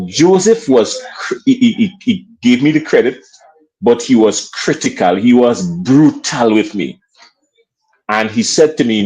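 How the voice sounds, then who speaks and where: A Grenadian man in his fifties speaks as a guest on a sports talk show. He tells his story in an animated, storytelling way, often acting out what others said. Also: medium pitch, unhurried, poor audio. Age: 50s. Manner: lively storyteller acting out quoted voices.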